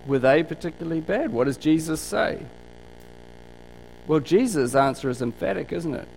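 Gravelly New pastor, conversational sermon. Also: male voice, a little high, lively intonation, normal speed, a little mellow, slight background noise, low-quality recording. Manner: conversational, anecdotal preaching with rhetorical questions.

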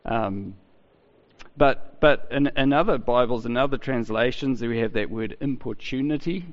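A man preaching a sermon in a chatty, halting way, often restarting his sentences. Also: mid-range voice. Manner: conversational, halting with many restarts. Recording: dull sound with long hall reverb.

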